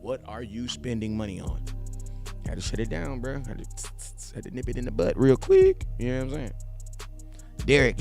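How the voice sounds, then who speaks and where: A man's voice: medium pitch, big pitch swings, normal speed, a little mellow, soft background music. A man hosting a casual sports livestream with a loose, rambling, slangy way of talking. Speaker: sports vlog host.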